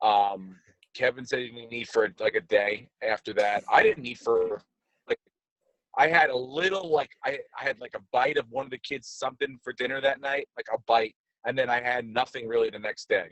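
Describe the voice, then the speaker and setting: A man's voice: medium pitch, fairly even intonation, moderate pace, a bit bright, no room sound, low-quality recording. A man, a podcast host, chatting casually and rambling on a video call from a car, with many restarts. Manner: rambling, joking, restarts often.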